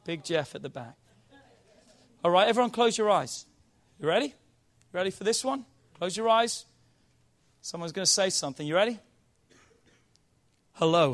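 A man with a notably high voice preaches in a church. He teases the congregation with questions, then reads scripture slowly and swells into emphatic calls. His delivery is conversational and punchy. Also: a bit bright. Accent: non-local accent. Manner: playful, quizzing the audience, then preaching with rising emphasis. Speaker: pastor. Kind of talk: sermon.

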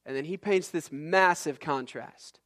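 A man's voice: a little high, measured pace, a bit bright. A man preaching a sermon, reading scripture and building intensity through repeated phrases. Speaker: pastor.

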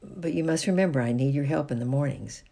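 A firm, doubtful aunt, voiced by a storybook reader who lays down the household rules in measured terms. Her voice is gravelly and husky, with a dark, mellow tone. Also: medium pitch.

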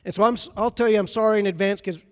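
A man preaching a sermon in a high voice, chatty and full of stories as he talks to his congregation. His voice rings through a large church sanctuary with a long reverb. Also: steady tone, rapid-fire. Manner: conversational, storytelling preacher. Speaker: pastor.

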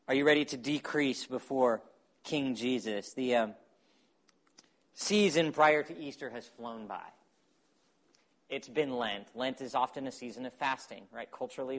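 A man preaching a sermon as pastor, animated, acting out quotes and dropping to quiet asides. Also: mid-range voice.

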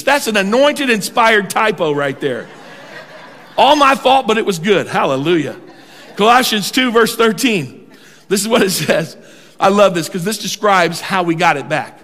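Older man, pastor; high-pitched, animated preacher who stretches his words, heard in a reverberant sanctuary. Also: normal speed. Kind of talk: sermon. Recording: long hall reverb.

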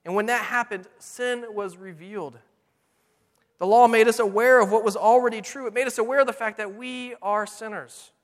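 A middle-aged man preaching a sermon in a church, earnest and emphatic, slowing down to read scripture. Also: high-pitched, fairly even intonation. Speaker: pastor. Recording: long hall reverb.

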